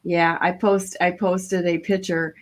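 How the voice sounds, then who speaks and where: A woman's voice: on the low side, measured pace. Chatty female talk show host. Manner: lively, laughs often, acts out what others said. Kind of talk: casual storytelling on a talk show.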